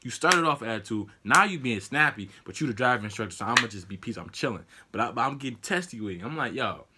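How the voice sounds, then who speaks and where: Animated young man telling a story. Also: fast talker, heavy background noise. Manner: animated, acts out quotes with sudden high-pitched outbursts. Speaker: vlogger. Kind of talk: casual storytelling.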